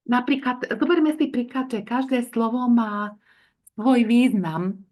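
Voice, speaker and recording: A woman's voice: a little high, a little slow, darkish tone. A woman interpreting a talk, hesitant and often searching for words. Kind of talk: consecutive interpreting.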